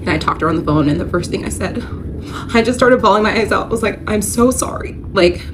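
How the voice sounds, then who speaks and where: A woman talks fast in a mid-range voice as she recounts her painful marriage for a confessional vlog, noisy background behind her. Candid and emotional, she fills her speech with "like" and sometimes becomes tearful.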